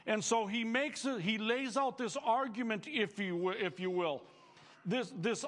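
A man's voice: very high voice, a little slow, fairly bright tone, long reverb tail. A male pastor preaching a sermon to students, earnest and emphatic, building phrases up as he speaks.

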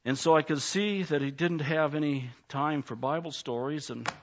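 A man's voice: fairly high pitch, moderate pace. Folksy man preaching a sermon. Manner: plainspoken, folksy storytelling that builds to a loud altar call. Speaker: pastor. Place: church. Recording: slightly dull lo-fi sound.

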